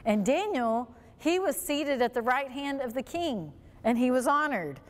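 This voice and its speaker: A woman's voice: high voice, lively intonation, unhurried, big-room sound. A woman pastor preaching a sermon, retelling a Bible story in an emphatic storytelling way and speaking directly to her listeners.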